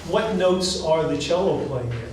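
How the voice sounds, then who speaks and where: A man's voice: on the high side, measured pace. Man lecturing in an echoey classroom. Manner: quizzing students, animated and encouraging. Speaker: music professor. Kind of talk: classroom lecture with questions to students. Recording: echoey classroom from far off, faint hiss.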